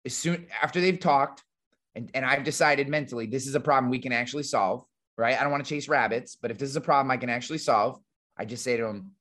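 A man's voice: mid-range voice, fast, fairly bright tone. A man who runs an insurance agency and hosts a podcast, teaching on a live webinar in a casual, blunt way with lots of fillers and the odd swear word. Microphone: remote webinar call.

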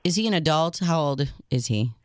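A woman's voice: low voice, lively intonation, normal speed. Blunt woman co-hosting call-in radio. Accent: General American. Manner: opinionated, blunt. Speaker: radio co-host.

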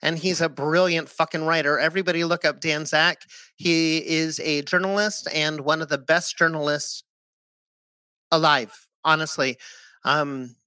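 Bright-voiced, animated young man. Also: on the high side, unhurried, clear, resonant tone, no room sound. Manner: animated, swearing, jumping into voices. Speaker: co-host and musical writer. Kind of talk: casual chat on a video stream.

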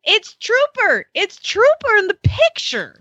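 A man's voice: very high voice, huge pitch swings, measured pace, sharp tone, dry recording, muffled recording, pitched above the performer's own voice, full character voice. A woman putting on the voice of her four-year-old son, a plaintive, insistent little boy, while telling a story. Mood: earnest child.

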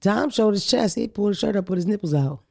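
Animated high-voiced man. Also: fast talker, gravelly. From Philadelphia. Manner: animated, joking, profane. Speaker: podcast co-host. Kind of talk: casual chat.

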